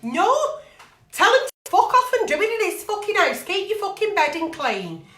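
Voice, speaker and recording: A woman's voice: extremely high pitch, sing-song, moderate pace, a bit bright, echoey room. A woman hosting a live advice show, talking bluntly and swearing freely. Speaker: agony aunt show host. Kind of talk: live-streamed advice chat.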